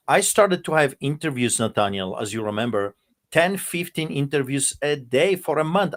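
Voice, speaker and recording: A man with a noticeable foreign accent, a pastor telling his story in an emphatic, forceful way. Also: fairly high pitch, lively intonation, normal speed. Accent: noticeable non-native English accent. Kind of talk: passionate storytelling.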